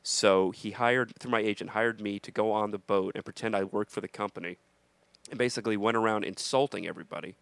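Gravelly animated male comedian storyteller. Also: lowish voice, fast talker, no echo. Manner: animated storyteller acting out voices. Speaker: comedian and podcast host. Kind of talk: casual storytelling chat.

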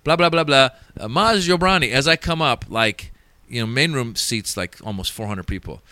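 A man's voice: medium pitch, normal speed, no room sound. A man, a stand-up comedian, telling anecdotes in casual chat and acting out the voices of the people in them. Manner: animated, acts out voices in anecdotes.

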